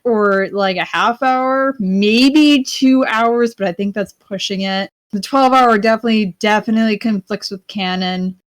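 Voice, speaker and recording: A woman's voice: mid-range voice, a little slow, few pauses. A woman co-hosting a livestream, chatting casually and often filling her sentences with "like". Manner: chatty, fills her speech with "like". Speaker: livestream co-host.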